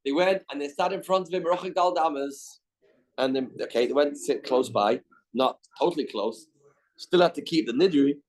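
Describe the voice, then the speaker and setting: In a study hall, a Canadian Talmud teacher leads his daily class, reading the text aloud and explaining it in English while acting out the dialogue. His voice is fairly high-pitched with a darkish tone.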